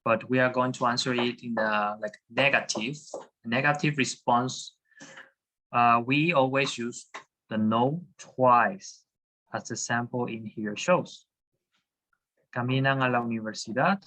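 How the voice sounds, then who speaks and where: A man's voice: mid-range voice, steady tone, a little slow, bright, forceful tone, low-quality recording. A man teaching a class over a video call, hesitant, with many fillers and restarts. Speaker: Spanish teacher.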